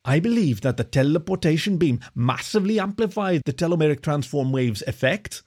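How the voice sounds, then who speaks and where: A man's voice: on the high side, lively intonation, fairly quick, a little mellow, pitched above the performer's own voice. A man voicing a tired young kitten officer who explains technical matters precisely. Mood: explaining.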